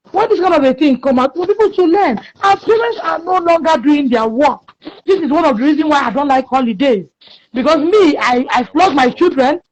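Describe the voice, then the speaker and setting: A Nigerian woman giving passionate opinion talk, scolding and emphatic, with pidgin phrases mixed in, on a muffled lo-fi recording. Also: sits high.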